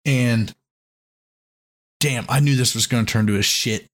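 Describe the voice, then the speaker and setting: Podcast guy rambling thru a story, swears a lot, says like constantly, regular pitch. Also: measured pace. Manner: rambling, profane, heavy use of "like". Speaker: podcast host. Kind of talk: casual storytelling chat.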